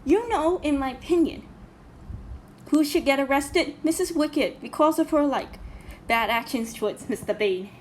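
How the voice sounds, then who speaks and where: Reaction host, female, high voice; indignant, profane, filler-heavy rant with faint background noise. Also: moderate pace. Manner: indignant, swears a lot, many fillers. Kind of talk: casual reaction commentary.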